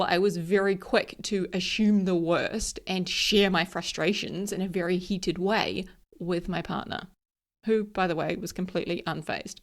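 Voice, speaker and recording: A woman in her thirties hosting a solo podcast, chatty and candid, laughing at herself and searching for words. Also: lowish voice. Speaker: podcast host. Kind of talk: casual solo podcast talk.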